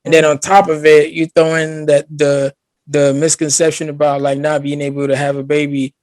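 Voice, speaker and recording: Young male co-host, slightly high voice, dry close sound, animated storyteller. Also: normal speed, dry recording. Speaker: podcast co-host. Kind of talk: casual chat.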